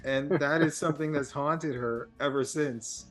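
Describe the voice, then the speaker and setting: A man co-hosting a casual film podcast, telling stories in a rambling, animated way and laughing at himself. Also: a little high, a little slow, faint music behind. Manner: rambling, animated storytelling with self-mocking laughs. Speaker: podcast co-host.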